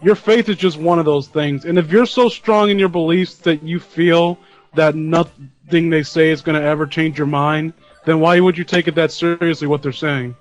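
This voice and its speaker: A man's voice: on the high side, steady tone, normal speed, dull audio, soft background music. A man co-hosting a let's play, giving blunt, opinionated views in casual chat.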